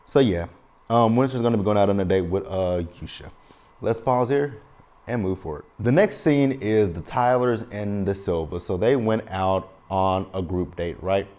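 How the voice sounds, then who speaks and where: A man's voice: fairly low pitch, moderate pace, a little mellow, muffled recording. A man in his thirties with a Southern US accent, rambling casually and informally through a TV episode recap. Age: 30s. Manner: chatty, rambling, informal with slang. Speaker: TV show recap vlogger. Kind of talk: casual show review.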